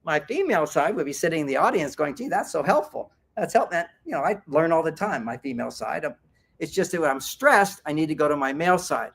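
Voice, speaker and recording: A man giving a seminar talk to a live audience as a workshop speaker, animated and acting out example dialogues. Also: fairly high pitch, quick pace, vocal fry.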